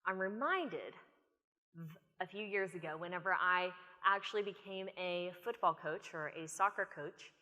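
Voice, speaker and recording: An American woman speaker giving an animated, storytelling conference talk from a stage. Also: fairly low pitch, normal speed. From United States. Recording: long reverb of a conference hall.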